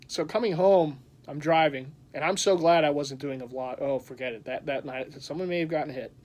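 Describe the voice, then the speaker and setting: Here the collector vlogger's voice is a little high and a little mellow. Chatting casually on his vlog, he spins a meandering story, often laughing and starting over.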